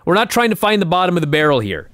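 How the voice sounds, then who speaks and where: A man's voice: high voice, big pitch swings, rapid-fire, a bit bright, dry recording. A man co-hosting a podcast, ranting and swearing in exasperated casual chat. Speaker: podcast co-host.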